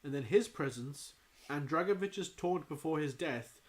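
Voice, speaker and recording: A man co-hosting a podcast, chatting casually and throwing in quick jokes. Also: fairly high pitch, lively intonation. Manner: chatty, jokey, quick asides. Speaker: podcast co-host. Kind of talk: casual chat.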